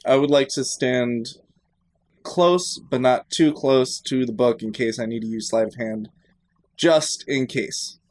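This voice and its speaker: A man playing a tabletop role-playing game, calmly laying out a backup plan. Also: medium pitch, a little slow. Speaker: player. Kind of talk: casual tabletop role-play.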